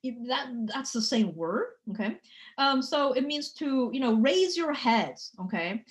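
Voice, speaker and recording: A woman lecturing on biblical Hebrew in a chatty way, full of fillers and frequent "okay?" checks, slowing down to sound out words. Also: high-pitched, lively intonation. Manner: spells out Hebrew words slowly.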